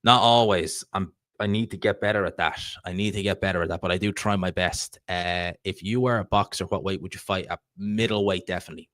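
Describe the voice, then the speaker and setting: Live-stream host, male, Dublin Irish accent, lowish pitch, dry close sound, rambling conversational delivery. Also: fairly even intonation, fairly quick, hardly any pauses, a bit bright, no echo. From Ireland. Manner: rambling, chatty, reads viewer comments aloud. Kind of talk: casual live-stream chat about boxing.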